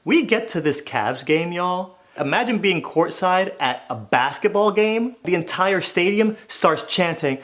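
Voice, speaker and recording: A man casually telling funny stories for an animated channel, breaking into loud exaggerated impressions. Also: high voice, unhurried, hardly any pauses. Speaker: animated storytelling YouTuber. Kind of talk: casual comedic storytelling.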